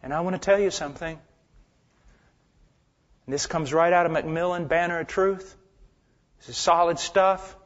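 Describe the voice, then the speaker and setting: A man preaching a sermon with passion, swinging from loud, emphatic lines down to hushed near-whispers. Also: fairly high pitch, moderate pace, pauses often. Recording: dull lo-fi sermon recording.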